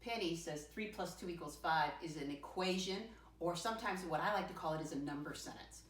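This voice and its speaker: A woman teaching a first-grade lesson in a friendly sing-song voice, spelling words out slowly letter by letter. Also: low voice, fairly bright tone. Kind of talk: teaching a lesson to young children. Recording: roomy sound with the mic at a distance.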